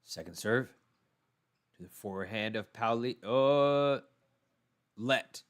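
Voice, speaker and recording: Texan guy calling tennis live, calm play by play, regular mid voice, short asides. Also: medium pitch, slow pace. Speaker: tennis commentator. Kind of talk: live solo watchalong commentary.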